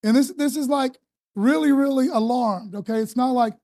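A woman's voice: sits high, normal speed, dark tone, no echo. A woman preaching a sermon in a conversational, slangy and emphatic way.

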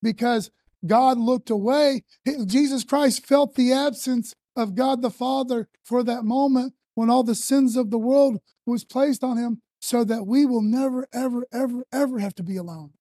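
A man's voice: extremely high pitch, moderate pace, warm tone, no room sound. A man preaching a sermon in a loose, conversational way, often adding "man" and "you know.". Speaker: pastor.

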